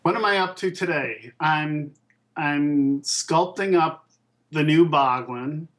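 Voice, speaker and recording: An older man talks casually about his work in puppets and toys, slipping into quoted voices as he tells a story. His voice sits a little higher than most men's, and he speeds up when the story gets lively. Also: slow. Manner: animated storyteller who acts out quoted voices. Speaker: puppet and toy designer being interviewed. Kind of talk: casual anecdote telling.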